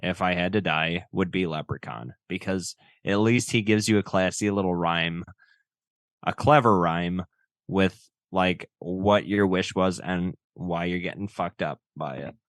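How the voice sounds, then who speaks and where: A man's voice: low voice, unhurried, no echo. A man co-hosting a casual podcast, joking and swearing easily as he chats and reads out stories. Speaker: podcast co-host.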